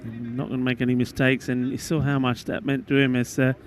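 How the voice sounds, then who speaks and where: A man giving relaxed, appreciative cricket commentary alongside a colleague. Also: mid-range voice, a little fast, faint music behind. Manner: relaxed, appreciative, laughs easily. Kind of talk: live sports commentary.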